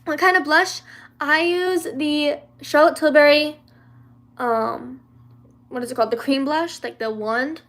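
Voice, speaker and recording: A woman's voice: sits high, fairly even intonation, unhurried, a bit bright. A young woman from the American South chatting casually on a livestream, answering viewer questions with lots of fillers, restarts and giggles. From Louisiana, raised in the American South.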